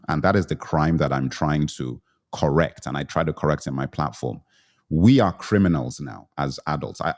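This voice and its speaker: A middle-aged man hosts a live online discussion in a very deep voice. He speaks earnestly and emphatically, repeating key phrases to drive his point home. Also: darkish tone. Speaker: livestream host. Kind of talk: livestream panel discussion.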